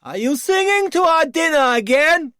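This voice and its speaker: A man voicing a bossy cave villager who shouts from a distance in a storybook. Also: extremely high pitch, animated, moderate pace, dry recording, clean studio sound, voice pushed up, full character voice. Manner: yelling from a distance.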